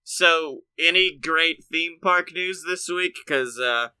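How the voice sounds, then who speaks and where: A man with a very bright, slightly high voice talks excitedly in a casual podcast chat. He laughs often and climbs in pitch and volume when he gets worked up about something. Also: takes it slowly, clear, resonant tone. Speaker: podcast co-host.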